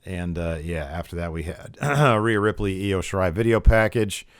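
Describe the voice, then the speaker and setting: A man co-hosting a podcast, recapping wrestling in casual chat and acting out quotes with lively raised voices. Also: sits low, normal speed, dry recording. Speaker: podcast co-host.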